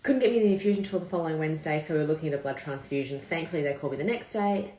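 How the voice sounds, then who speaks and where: Low-voiced chatty woman in an echoey room. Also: rapid-fire, a little mellow. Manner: chatty, swears freely, addresses viewers as guys. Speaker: vlogger. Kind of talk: candid live chat storytelling.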